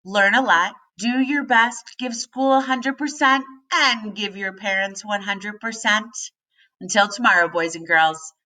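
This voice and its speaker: A woman teacher reading a children's book aloud to young students and asking the class questions in a gentle, sing-song way. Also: medium pitch, unhurried. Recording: distant mic.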